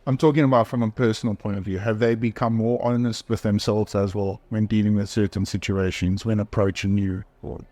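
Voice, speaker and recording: A man hosting a podcast who puts careful, searching questions to his guest. His voice is fairly low. The sound is dry, with no room in it. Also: flat delivery, a little fast, few pauses, mellow, dry recording. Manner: asks long, searching follow-up questions. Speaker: podcast host. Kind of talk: podcast interview.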